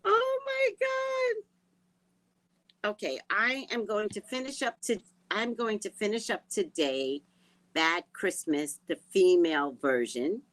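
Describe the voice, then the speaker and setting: A woman host chatting casually with viewers, giggly and drifting between soft murmurs and loud outbursts. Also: fairly low pitch, unhurried, no echo, rough recording. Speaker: livestream host.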